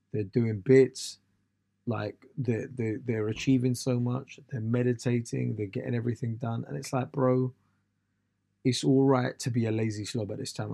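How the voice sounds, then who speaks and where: Casting: British male comic with a gravelly, creaky voice for a dry, close podcast rant. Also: medium pitch, darkish tone, no room sound. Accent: British English. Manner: ranting, slangy and swearing. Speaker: podcast host, stand-up comedian. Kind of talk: comedic podcast monologue.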